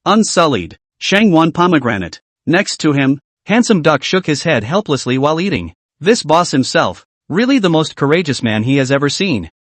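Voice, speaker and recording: Male narrator reading a comic recap aloud, higher-leaning voice with a lot of pitch movement, set close and dry with no room sound around him. He keeps a steady storytelling read throughout. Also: dry recording.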